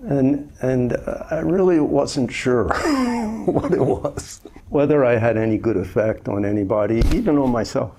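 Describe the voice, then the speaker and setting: Older man in his 70s, Zen teacher; husky, animated delivery, conversational and lightly humorous. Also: medium pitch, unhurried. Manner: conversational, gently humorous storytelling. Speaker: Zen master. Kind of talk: informal dharma talk answering a question.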